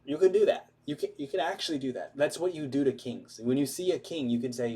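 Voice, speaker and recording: A man's voice: mid-range voice, a little fast, few pauses, mellow. A man leading an earnest, emphatic prayer and then explaining it in informal preaching, with many restarts.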